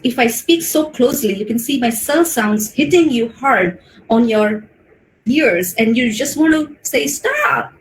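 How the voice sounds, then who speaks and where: An Indian woman with a high voice teaches public speaking in a webinar, heard through a video call mic in a roomy, echoey space. She talks expressively and swings her pitch up and down to show how a voice can carry feeling. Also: a little hiss or hum. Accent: Indian English.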